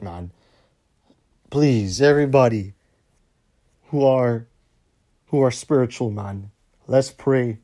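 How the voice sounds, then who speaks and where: Yawning and worn out, this podcast host talks alone in a relaxed, sleepy monologue peppered with swearing and "man" at the end of his sentences. His voice is mid-range and a little mellow.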